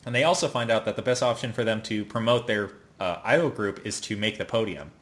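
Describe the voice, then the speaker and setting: A man's voice: fairly low pitch, a little fast, fairly bright tone. A man hosting a podcast, chatting casually as he recaps an anime episode, rambling with fillers, laughing often and putting on the characters' lines. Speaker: podcast host.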